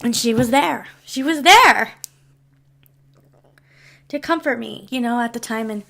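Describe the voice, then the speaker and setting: A woman's voice: fairly high pitch, unhurried, creaky, fairly bright tone. A woman vlogger telling a personal story in a rambling, heartfelt way, with many restarts and asides to her viewers. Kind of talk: casual storytelling to camera.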